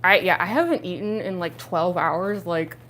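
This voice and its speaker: A young woman talks at normal speed on a livestream while wearing costume fake teeth. She is excitable and full of fillers, giggling often, and her pitch jumps up whenever she exclaims.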